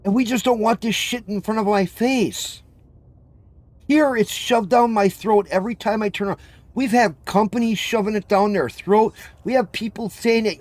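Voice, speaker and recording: A man's voice: sits high, moderate pace, no echo. A man hosting a livestream chat, ranting bluntly and repetitively with profanity. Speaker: livestream host. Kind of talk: heated open chat.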